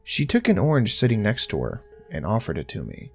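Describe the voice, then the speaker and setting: A man's voice: lowish voice, huge pitch swings, a little fast, breathy edge, faint music behind. A man narrating a first-person horror story in a tense, intense way, swearing now and then.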